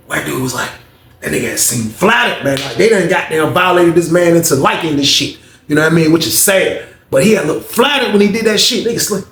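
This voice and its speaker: High-voiced guy telling a story, slangy and animated, echoey room. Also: a little fast, recorded from a distance, a little hiss or hum. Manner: animated, slangy, acts out every voice. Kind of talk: casual storytelling. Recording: roomy echo.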